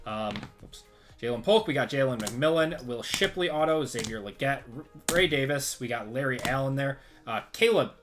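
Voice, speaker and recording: A man's voice: medium pitch, lively intonation, moderate pace, over music. A man hosting a live sports card break stream, upbeat and rattling off long lists of pulled cards.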